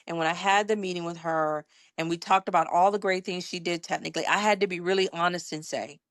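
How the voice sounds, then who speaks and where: A middle-aged woman from Georgia, a podcast guest telling a workplace story in a lively conversational way. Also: lowish voice, fast talker, no echo. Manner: animated, acts out quoted dialogue, laughs while telling.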